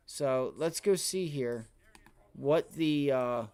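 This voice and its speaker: A man streaming live from home, giving excitable, profane trading commentary while talking to himself and his viewers. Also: medium pitch, slow pace, clean tone. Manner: excitable, swears, talks to himself and chat. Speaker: livestream day trader.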